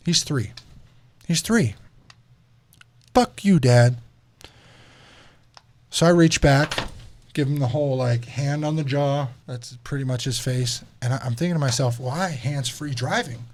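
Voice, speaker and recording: A man in his thirties telling a road trip story to camera as a vlogger and father, swearing freely and acting out what people said. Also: medium pitch. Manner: profane, animated, acts out quotes. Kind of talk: casual storytelling.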